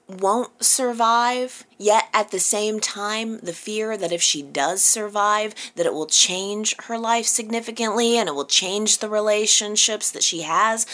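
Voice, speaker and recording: A woman's voice: mid-range voice, a bit bright. A woman hosting a soap opera recap, chatting casually and playfully, often laughing at her own jokes. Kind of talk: casual chat.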